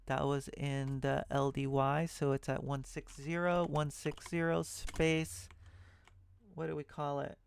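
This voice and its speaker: An unhurried man with a somewhat high, creaky, monotone voice tutors assembly programming via screen recording. He thinks out loud, revises himself as he goes, and mutters asides, and slight background noise can be heard.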